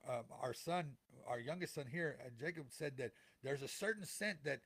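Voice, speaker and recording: A man's voice: a little high, animated, moderate pace, creaky, fairly bright tone, slightly rough. A middle-aged man talking earnestly to listeners as a podcast co-host, repeating phrases for emphasis in a heartfelt motivational way.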